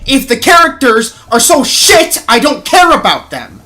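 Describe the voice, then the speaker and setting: A man's voice: very high voice, big pitch swings, a little slow, pushed and bright, soft background music. A young man streaming a game, ranting with heavy swearing about the story, then apologizing for getting heated. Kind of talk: casual livestream chat while gaming.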